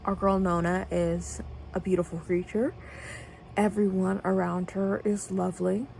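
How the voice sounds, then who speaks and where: Woman book vlogger, casual vlog chat, mid-pitched voice, dramatic excitable rants, faint background hiss. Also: measured pace, creaky, low-quality recording. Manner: excitable, dramatic ranting with swearing.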